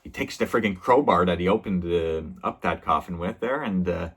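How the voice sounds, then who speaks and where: A man's voice: low voice, moderate pace, a bit bright, slight background noise. A man casually recapping a TV episode as a reviewer, rambling with many fillers and small laughs.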